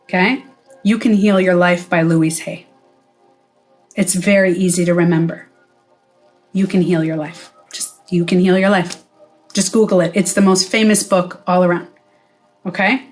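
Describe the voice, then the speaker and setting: A woman's voice: on the low side, steady tone, normal speed, pauses often, faint music behind. A middle-aged woman, a former spa owner, talking straight to camera in a casual vlog. She is blunt, swears freely and acts out the voices she quotes.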